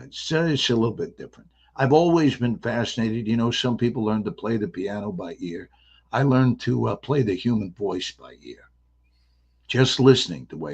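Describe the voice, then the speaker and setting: A man from the American South, an actor guest telling stories in a playful, animated way. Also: mid-range voice, normal speed, gravelly, husky. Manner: playful, animated, slips into character voices. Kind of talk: casual interview storytelling.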